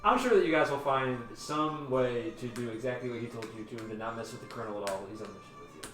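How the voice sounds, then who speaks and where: A game master voicing a greedy, smug company boss in a tabletop game, with a put-on drawl and a folksy, bossy, teasing manner. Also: male voice, mid-range voice, fast talker, close to an everyday voice. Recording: roomy and distant, music behind.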